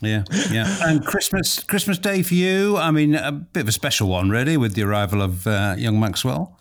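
A middle-aged man hosting a podcast, chatting in a measured way with some hesitant fillers. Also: mid-range voice, expressive, no room sound, studio quality. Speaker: podcast host. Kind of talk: casual podcast chat.

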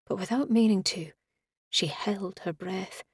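A woman's voice: medium pitch, unhurried, slightly rough, no echo, clean studio sound. Woman narrating a romance audiobook.

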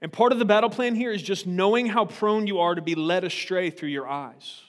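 A high-pitched male pastor delivers a relaxed, joking sermon and keeps checking in with his congregation as he goes. His voice rings out with a long reverb tail, like a recording made in a large church sanctuary. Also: a little fast. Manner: joking, frequently checks in with listeners. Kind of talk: humorous conversational sermon. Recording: reverberant hall.

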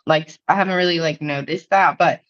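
An American woman co-hosting a casual podcast, rambling along and laughing easily. She leans on "like" as she talks, in a lower-pitched voice. The sound is dull and lo-fi. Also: brisk. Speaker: podcast co-host. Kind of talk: casual chat.

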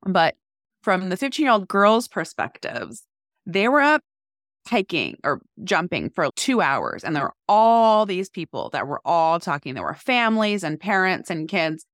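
A lively, low-voiced woman telling a story. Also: a little slow, dry recording, studio quality. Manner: animated storytelling, acting out quotes. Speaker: podcast co-host. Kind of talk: casual chat.

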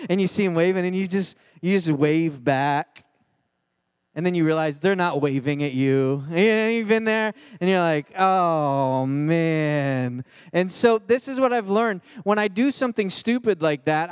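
A man with a high voice gives a comedic youth sermon to a live crowd. He is animated and jokey, addressing the listeners directly. The sound is dry, with little room echo. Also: clear, resonant tone. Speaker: pastor.

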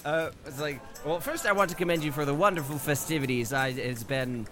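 A man's voice: fairly high pitch, fairly quick, over music, natural voice. A man voicing a polite, awkward, centuries-old man with a Brooklyn accent in a tabletop role-play.

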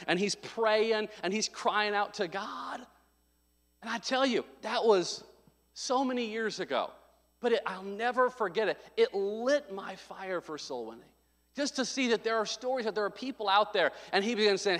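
A male pastor preaching a sermon, telling a story with loud bursts and sudden drops to quiet. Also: high-pitched, moderate pace. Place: church sanctuary. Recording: long hall reverb.

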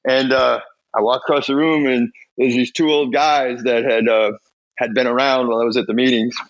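A man's voice: mid-range voice, creaky, fairly bright tone, highs cut off. A middle-aged man telling his recovery story as a podcast guest, blunt and profane, acting out the voices of people in his story. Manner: blunt, profane, laughs often.

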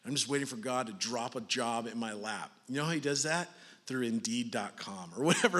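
Guy preaching, jokey and chatty, bright voice, big echoey hall. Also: medium pitch, a little fast. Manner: jokey, conversational, often adds "right?" and "like". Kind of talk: sermon. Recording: long hall reverb.

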